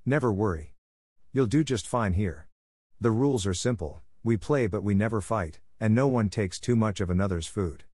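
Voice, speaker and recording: A man's voice: on the low side, normal speed, dark tone, no room sound, clean studio sound, natural voice. A man voicing a kindly female dog who keeps the peace, speaking earnestly. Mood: reassuring. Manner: earnest, pleading.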